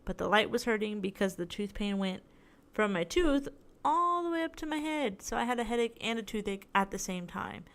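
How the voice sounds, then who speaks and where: A woman's voice: medium pitch, animated, normal speed, a bit bright. A young woman hosting her own podcast, telling a long story in a rambling, chatty way, tired and in tooth pain. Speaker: podcast host. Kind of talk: casual solo podcast chat.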